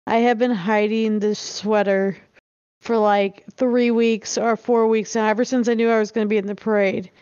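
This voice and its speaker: A woman's voice: medium pitch, level tone, moderate pace, a little mellow, clean tone, no room sound. A woman co-hosting a casual podcast, chatty and bubbly as she tells stories. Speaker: podcast co-host. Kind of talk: casual chat. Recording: slightly dull lo-fi.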